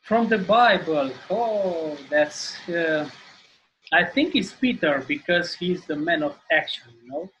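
A man from Romania with a Romanian accent, a guest in a casual interview, speaking halting English as he searches for words and laughs often. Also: on the high side, lively intonation, a bit bright, lo-fi sound, a little hiss or hum.

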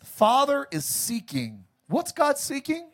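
A pastor preaching a sermon, joking and calling on the congregation to repeat phrases after him. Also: male voice, very high voice, wildly swooping pitch, slow pace, a bit bright. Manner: jokey, calls for congregation responses.

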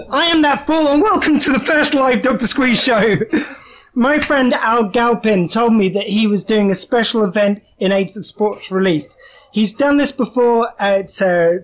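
A podcast host from southern England, hosting a live show in a rambling, self-deprecating way. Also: mid-range voice. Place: live event venue.

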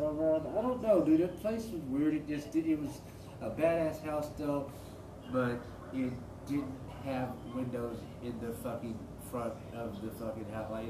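A man telling stories in casual, rambling, profane talk full of fillers. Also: mid-range voice. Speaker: storyteller. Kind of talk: casual storytelling. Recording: echoey room, mic at a distance, noisy.

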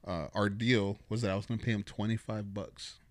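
A man from San Antonio, a guest artist, telling a personal story in a relaxed, rambling way on a podcast, full of "dude" and "like". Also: on the low side, fairly quick, dry recording. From San Antonio, Texas. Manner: laid-back, rambling, peppered with "dude" and "like". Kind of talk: casual storytelling in a podcast chat.

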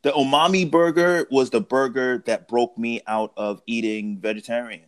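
A man hosting a podcast, talking in a relaxed way, laughing easily and trailing off into restarts. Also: mid-range voice, moderate pace. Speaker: podcast host. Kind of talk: casual chat.

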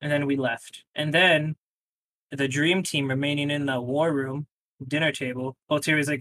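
Man, casual game recap, rambling storyteller, slightly high voice, dry close sound. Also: steady tone, sharp tone, dry recording, low-quality recording. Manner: rambling storytelling with quick acted-out quotes. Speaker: player recapping a tabletop game.

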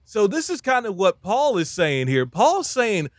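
A man's voice: sits high, wildly swooping pitch, a little slow, dry recording, studio quality. A man preaching in a podcast chat, emphatic and repeating phrases for effect. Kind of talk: animated sermon-style talk.

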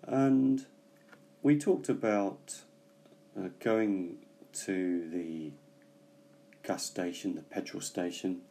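A man teaches English vocabulary in a relaxed, unhurried way. His voice is low and mellow, and he pauses often to think aloud. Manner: slow, thoughtful, with many pauses and fillers. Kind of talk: casual bilingual language lesson.

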